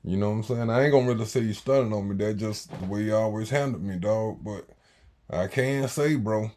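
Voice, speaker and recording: A man, telling a story in slangy casual talk that swings between loud and quiet. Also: on the low side, brisk, a little hiss or hum. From Jacksonville, Florida, US. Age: 40s.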